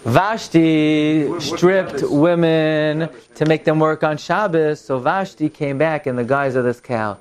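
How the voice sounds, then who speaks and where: Animated man teaching a Torah story. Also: slow, few pauses, a crowd in the background. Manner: reads Hebrew and Aramaic text, then translates and retells it in English; animated, climbs in pitch and volume as the story builds.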